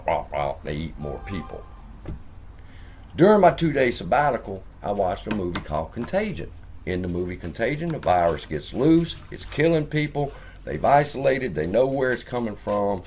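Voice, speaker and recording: A man's voice: lowish voice, a little mellow, a little hiss or hum. A man hosting a finance video, telling stories animatedly, acting out the quotes and swearing. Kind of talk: casual commentary.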